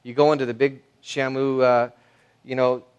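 Male pastor, mid-pitched voice, chatty sermon, drops to quiet asides then punches words loudly. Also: level tone, moderate pace, clean tone, muffled recording. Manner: conversational, many fillers and restarts; swings between soft asides and loud emphasis.

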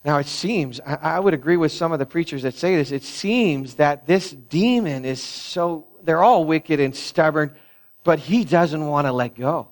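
A man's voice: a little high, measured pace. A male pastor preaching a sermon in a conversational way that rises to emphatic peaks.

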